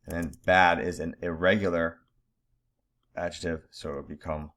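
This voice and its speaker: A man's voice: low-pitched, little pitch movement, moderate pace, a bit bright. A man teaching a recorded grammar lesson over slides, talking straight to his students in a casual way and joking about his own typos.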